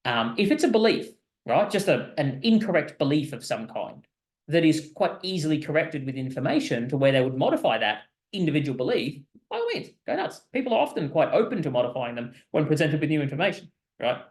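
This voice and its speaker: A man's voice: a little high, sing-song, fairly quick, reverberant. A man who hosts as a psychologist gives explanatory commentary in a thoughtful, explaining manner, often checking in with the listener. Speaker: psychologist host. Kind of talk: explanatory commentary on a reader post.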